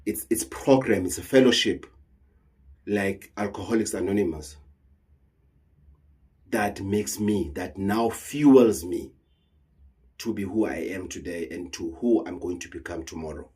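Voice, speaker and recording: South African man, deep voice, slightly husky, heated earnest monologue, mixes in Zulu phrases. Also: a little slow, pauses often, a little mellow. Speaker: traditional healer. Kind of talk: emotional monologue to camera.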